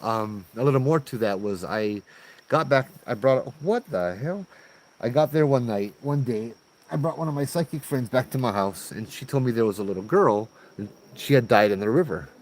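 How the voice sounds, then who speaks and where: A man's voice: medium pitch, moderate pace, darkish tone. A man with a Hawaiian accent casually telling a ghost story in a laid-back, chatty way, full of island slang, outdoors under a tree.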